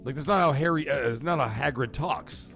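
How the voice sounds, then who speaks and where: A man's voice: on the high side, a little fast, creaky, fairly bright tone, soft background music. A man hosting a livestream, chatting casually and profanely in a rambling way while reading chat messages. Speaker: livestream host.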